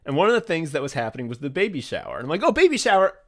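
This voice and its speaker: Here is a male podcast co-host with a slightly high voice that swoops all over as he tells a story. He chats casually and keeps breaking into laughter. His delivery is lively and animated throughout. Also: racing. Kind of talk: casual comedic chat.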